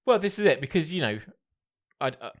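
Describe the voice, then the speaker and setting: Reading entertainment news on a casual podcast, this male co-host chats in a sing-song voice that sits on the high side. He talks fairly quickly.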